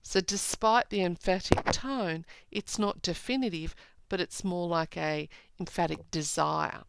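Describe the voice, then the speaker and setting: A woman teacher giving a poetry analysis lesson, slowly rereading lines and drawing out their meaning. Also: lowish voice, vocal fry, very noisy. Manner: slow, deliberate, rereads lines aloud. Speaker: English teacher.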